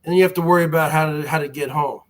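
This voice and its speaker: Hosting a livestream from a basement, a man with a high-ish voice races along in a casual, rambling monologue. He complains, swears, and keeps restarting his sentences.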